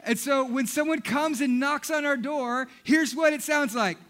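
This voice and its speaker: In church, a pastor with a very high-pitched, somewhat bright voice preaches at normal speed, with a little hiss or hum in the audio. He shares funny stories and speaks straight to the congregation.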